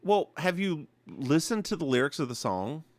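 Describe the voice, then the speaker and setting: A man's voice: a little high, normal speed, no room sound. Sassy chatty man with a Southern accent. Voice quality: animated, sassy asides. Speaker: podcast co-host. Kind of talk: casual chat recapping a TV episode.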